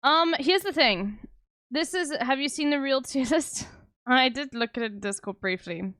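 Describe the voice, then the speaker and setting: South African woman, young adult, streamer; high pitch, blunt and sarcastic, dry close sound. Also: expressive, normal speed, fairly bright tone, no echo. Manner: blunt, sarcastic, swears often. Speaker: livestreamer. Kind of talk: casual chat with stream viewers.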